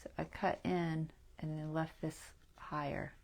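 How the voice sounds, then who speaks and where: A woman hosting a crafting livestream, chatting as she works, thinking aloud, often trailing off softly and laughing at herself. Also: low-pitched, flat delivery, unhurried, gravelly. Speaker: craft channel host. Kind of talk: casual crafting livestream chat.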